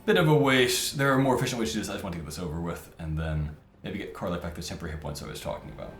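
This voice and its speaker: A man with a low voice talks at a racing pace while casually commentating his video game, thinking aloud and muttering over tactics. The roomy mic picks up game music, and the recording is very noisy.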